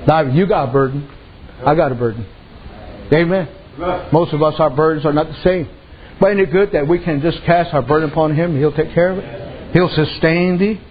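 A man's voice: on the high side, brisk. A man preaching a sermon in a folksy storytelling way, with many "amen"s and "you know"s. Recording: dull lo-fi recording with faint noise.

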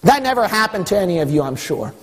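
A man delivers a sermon in a high, husky voice, pressing each point and climbing to shouts. His voice carries a long reverberation, as in a church hall. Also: sing-song, fast talker. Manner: emphatic, rising to shouts, acts out voices of God and listeners. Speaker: pastor.

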